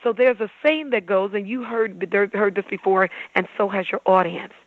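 A man's voice: high voice, steady tone, moderate pace, no echo, narrow, tinny audio. A man speaking as a guest communication trainer in an interview, emphatic and persuasive. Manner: emphatic, persuasive, acts out examples. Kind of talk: animated interview talk.

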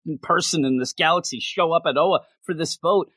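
A man co-hosting a casual comic book podcast, animated and fond of mocking character voices. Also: a little high, a little fast, husky, no echo, clean studio sound. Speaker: podcast co-host.

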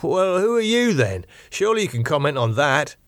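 A man voicing a groggy, indignant man who has just woken up drugged, talking in a slurred but sharp, demanding way, higher than his own voice. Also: sing-song, normal speed, no room sound, clean studio sound.

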